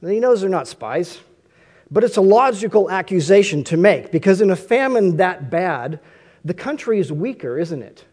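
A man's voice: high voice, big pitch swings, moderate pace, a little mellow. A man preaching a conversational sermon, often asking his listeners rhetorical questions.

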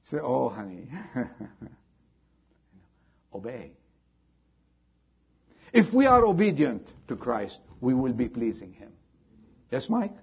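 A man's voice: medium pitch, huge pitch swings, normal speed, vocal fry, husky, lo-fi sound. A man preaching a sermon, earnestly repeating rhetorical questions to his congregation, in slightly non-native phrasing. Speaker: pastor.

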